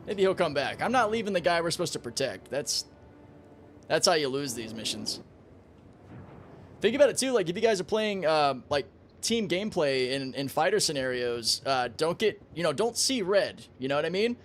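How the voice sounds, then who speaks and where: A young man streaming a space game, chatting casually with his viewers, excitable and swearing freely. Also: a little high, normal speed, slight background noise. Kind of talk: casual livestream commentary.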